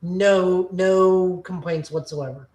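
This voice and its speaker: On a casual podcast, a woman co-host talks slowly in a low, darkish voice with fairly even intonation. She offers a nitpicky, opinionated review in an echoing, roomy recording.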